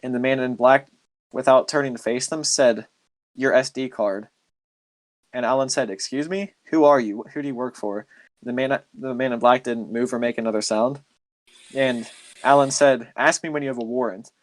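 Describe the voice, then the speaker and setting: A man's voice: medium pitch, moderate pace, no echo. A man hosting a podcast, telling a story in a loose, rambling way with lots of filler words. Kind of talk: casual storytelling chat.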